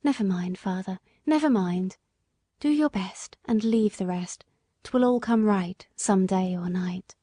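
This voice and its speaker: A woman reading an audiobook, voicing a gentle, devoted working-class wife who speaks softly and from the heart. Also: medium pitch, unhurried, breathy edge, dry recording, studio quality. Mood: comforting.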